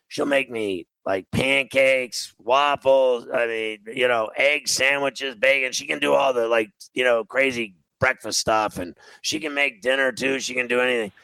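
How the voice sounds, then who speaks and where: A middle-aged man hosting a casual chat, telling animated stories and acting out quotes. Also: medium pitch, creaky, dry recording, low-quality recording. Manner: animated storyteller, acts out quotes.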